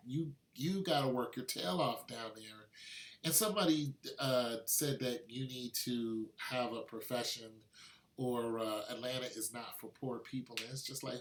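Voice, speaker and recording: A man's voice: medium pitch, fairly bright tone. A man vlogging to camera in a loose, conversational way, drifting into asides. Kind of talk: casual monologue to camera.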